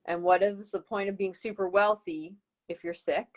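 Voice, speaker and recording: A woman with a West Coast Canadian accent hosting a live-streamed sales pitch, upbeat and enthusiastic, talking into a computer mic on a video call. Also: steady tone, moderate pace, low-quality recording.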